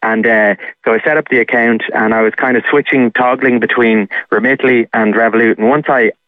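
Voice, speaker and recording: A man's voice: mid-range voice, fairly even intonation, a little fast, dry recording. Man rambling down a phone line. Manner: rambling, frequent uh fillers. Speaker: caller sharing a scam story. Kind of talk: casual phone-in storytelling.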